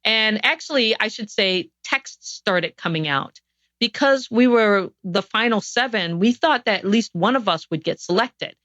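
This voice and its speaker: A woman's voice: medium pitch, expressive, a little slow, fairly bright tone, no echo. A woman guest on a podcast interview, telling a personal story in an earnest, reflective way with frequent restarts. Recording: dull, dry sound.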